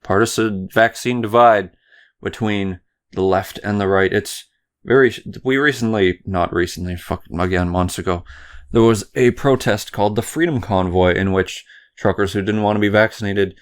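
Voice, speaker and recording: A man's voice: fairly low pitch, steady tone, normal speed, clear, resonant tone. A young man from Canada hosting a solo podcast, rambling through political commentary, swearing and stumbling over his words. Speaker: podcast host.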